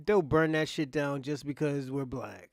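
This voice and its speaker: A man's voice: fairly high pitch, unhurried, no room sound, clean studio sound. A man talking bluntly in profane street slang during a casual discussion.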